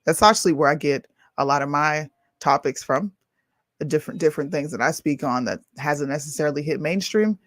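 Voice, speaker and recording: A woman's voice: low-pitched, brisk, no room sound, studio quality. A woman co-hosting a casual talk show, blunt and exasperated, sometimes reading posts aloud. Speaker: podcast co-host. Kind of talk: casual chat.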